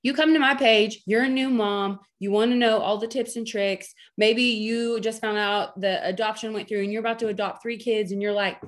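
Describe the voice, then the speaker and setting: A woman's voice: fairly high pitch, steady tone, moderate pace, hardly any pauses. Chatty, joking woman coaching her team. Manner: chatty, joking and emphatic, with many "okay?" check-ins. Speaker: team leader training her sales team. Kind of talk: training talk on a video call. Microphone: video call.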